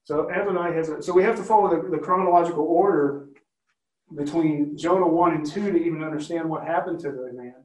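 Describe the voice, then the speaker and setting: A man's voice: a little high, brisk. A man leading a Bible study, teaching conversationally and often checking in with listeners by asking questions. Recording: roomy, from a distance.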